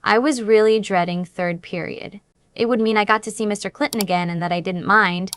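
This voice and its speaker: A woman reads a first-person romance story aloud, earnest and dramatic in her telling. Her voice sits at a middle pitch, and the recording is close and dry. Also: fairly even intonation, brisk, clean tone, dry recording. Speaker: audiobook narrator.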